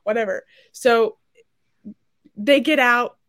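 Lively woman chatting about a book. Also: fairly high pitch. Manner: animated, acts out characters with quick voice jumps. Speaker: book podcast co-host. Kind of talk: casual chat retelling a book plot.

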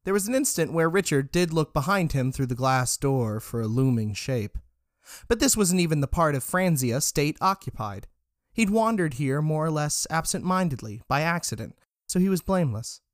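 A man narrating a story with a steady, even reading. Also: a little high, moderate pace, no echo, studio quality.

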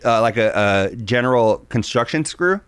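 A man's voice: mid-range voice, expressive, moderate pace, a bit bright, clear, resonant tone, no echo. Profane, rambling male podcast co-host. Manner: loose, profane, rambling with many fillers. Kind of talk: casual chat.

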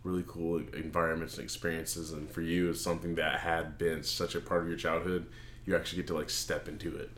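A man in casual conversation, easygoing and agreeable, chiming in with quick asides. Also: low voice, flat delivery, a bit bright, echoey room, slight background noise. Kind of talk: casual chat.

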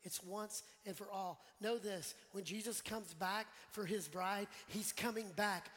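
A male pastor preaching a sermon in a relaxed, conversational way, putting questions to the congregation and joking with them. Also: high voice, unhurried. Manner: conversational, quizzes the congregation, jokes. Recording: long church hall reverb.

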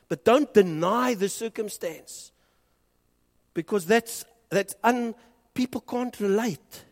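A male pastor with a South African accent delivers a sermon in a church hall, and the long reverb trails after each phrase. His voice sits a little high for a man. He swings from loud, urgent pushes to low, hushed lines. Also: lively intonation, unhurried. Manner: dramatic swings from loud urging to hushed lows. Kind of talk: bilingual sermon.

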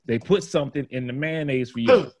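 A man's voice: mid-range voice, lively intonation, brisk, darkish tone, slight background noise. A man hosting a podcast, telling rambling, profane stories in casual chat. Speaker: podcast host.

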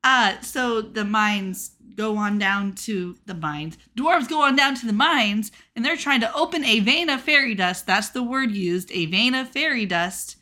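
A woman's voice: fairly high pitch, a little slow, few pauses, sharp tone. Sarcastic woman recapping a show. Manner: sarcastic, swears freely. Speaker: podcast co-host. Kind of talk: casual chat recapping a TV episode.

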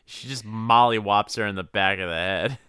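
A man's voice: fairly low pitch, moderate pace, bright, forceful tone, clean tone, no echo, studio quality. A man co-hosting a podcast, chatting about a movie, laughing often and making jokey asides. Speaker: podcast co-host. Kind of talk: casual movie recap chat.

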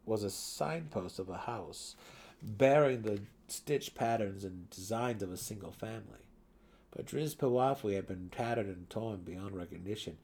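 A man giving a dramatic reading of a fantasy novel, swelling louder and sinking to hushed tones, with a husky voice. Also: on the low side. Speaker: audiobook narrator.

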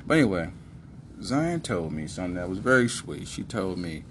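Brief: podcast host, man, low voice, emphatic casual storyteller, faint hiss behind. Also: normal speed. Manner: animated, slangy, emphatic.

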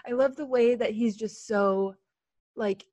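A woman from California co-hosting a casual chat, talkative and quick to laugh, with many fillers. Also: a little high, fairly even intonation, mellow, no room sound.

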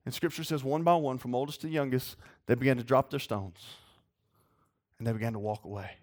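A man's voice: mid-range voice, steady tone, fairly quick, a little mellow. A man preaching a sermon in a folksy, earnest way. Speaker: pastor.

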